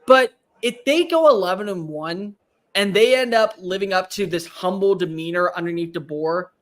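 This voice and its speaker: A man with a high voice, talking sports on a talk show. He is animated and emphatic and fires off opinions quickly. It sounds like relaxed banter between co-hosts.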